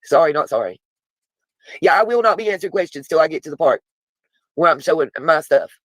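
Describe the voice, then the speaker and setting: A woman hosting a live stream, blunt and quick to swear, chatting straight back to her viewers between text messages she reads aloud. Her voice sits close and dry on a desk mic with no room sound. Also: low-pitched, expressive, no room sound, rough recording.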